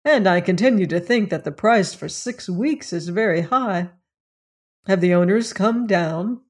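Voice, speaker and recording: A narrator voicing a good-tempered young gentleman who answers with frivolous, dry wit, read as a character in an audiobook. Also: medium pitch, lively intonation. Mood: breezy. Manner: frivolous, dry and quick-witted.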